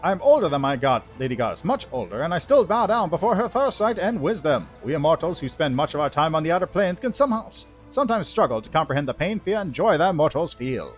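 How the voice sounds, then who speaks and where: A man's voice: a little high, sing-song, brisk, faint music behind. A man voicing a solemn, ancient male angel herald in a mock French-tinged, old sci-fi style voice, reading game dialogue.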